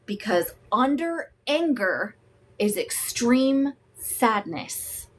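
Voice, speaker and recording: Woman coach for a live stream, frank and salty, high voice, slow and deliberate. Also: big pitch swings. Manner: frank, emphatic, profane, greets viewers warmly. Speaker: host and emotional wellness coach. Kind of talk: live-streamed teaching talk.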